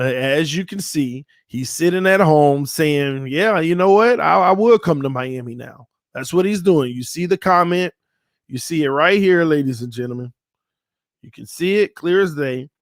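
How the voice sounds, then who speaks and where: A man hosting a football fan channel, talking excitedly and repeating himself, dropping low and then shouting. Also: dry recording, clean studio sound. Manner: hyped, repetitive, swings from low muttering to shouting. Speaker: sports channel host.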